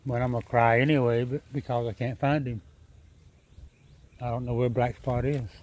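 A man vlogging outdoors in his yard, tired and sad after a sleepless night, talking in a halting, repetitive, subdued way. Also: medium pitch, little pitch movement, a little mellow. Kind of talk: casual vlog monologue.

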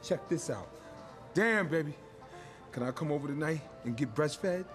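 A man's voice: fairly high pitch, normal speed, over music, close to an everyday voice. An actor playing a brash, crude streetwise man who coaches his friend on women in a comedy film. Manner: boastful, crude, loud and animated. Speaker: film character.

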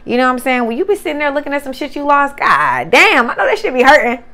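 A woman doing a casual tarot reading, profane and animated, talking straight to her viewers. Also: high-pitched, racing. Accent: Southern US. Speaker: tarot reader.

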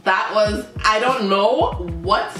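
A woman hosting a casual reaction video, excitable and quick to laugh, often trailing off mid-sentence. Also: medium pitch. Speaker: YouTube reaction host. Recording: echoey room with faint music.

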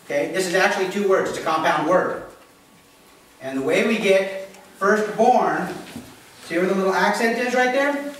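A man's voice: high-pitched, moderate pace, long pauses. A man preaching a sermon as pastor, plainspoken and often checking in with his congregation. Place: church. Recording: echoey church hall recorded from a distance.

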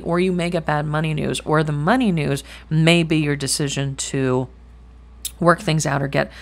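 A woman's voice: low voice, fairly even intonation, normal speed, creaky. A middle-aged woman giving a chatty tarot reading to camera, rambling and thinking aloud, swearing casually and speaking bluntly. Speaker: tarot reader.

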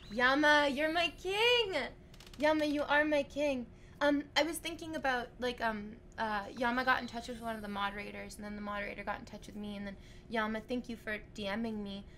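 A woman streaming live while sick, excitedly thanking her chat for donations, gushing, swearing freely and squealing. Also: fairly high pitch, a little hiss or hum.

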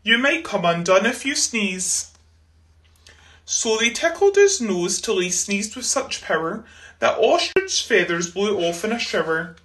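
Expressive woman reading a rhyming storybook. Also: fairly high pitch. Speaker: school reader. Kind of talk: storybook read-aloud.

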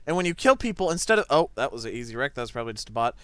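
A young man commentating his own gameplay, excitable, breaking into yelps and laughter, on a desk mic set back a little. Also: medium pitch, rapid-fire, dry recording. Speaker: gaming channel host. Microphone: desk microphone set back a little.

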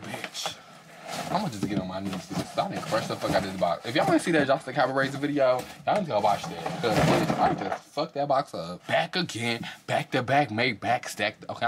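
A man giving a casual, profane, animated review of a reality show to his viewers. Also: on the low side, slight background noise. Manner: profane, animated, exaggerated reactions.

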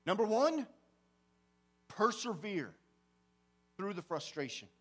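A man pastor preaching a sermon, telling a personal story with big swings from hushed to loud. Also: high-pitched, slow pace, slightly rough. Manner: animated storytelling, swings from quiet to shouting. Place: church sanctuary.

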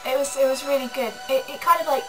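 A woman with an Australian accent, co-hosting a vlog in excitable casual chat and gushing about things. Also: sits high, fast, music in the background, rough recording. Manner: animated and gushing. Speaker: vlog co-host.

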